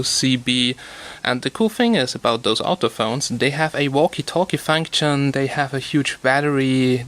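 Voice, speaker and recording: رجل يتحدث بعفوية في فيديو فتح صندوق. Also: male voice, mid-range voice, a bit bright. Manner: chatty, loose, thinks aloud with fillers. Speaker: tech video host. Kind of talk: casual unboxing talk.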